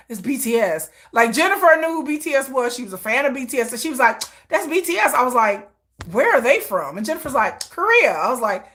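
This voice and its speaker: A woman hosting a livestream, chatting casually and telling animated personal stories, acting out quotes and laughing often. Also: on the high side. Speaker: livestream host. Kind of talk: casual chat.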